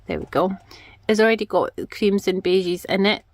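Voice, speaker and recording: A woman's voice: mid-range voice, moderate pace. A Scottish woman chatting casually and frankly as she redecorates her small home for a vlog. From Scotland. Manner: chatty, frank, self-deprecating. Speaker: vlogger. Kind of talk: casual vlog chat while working. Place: small house, indoors, redecorating.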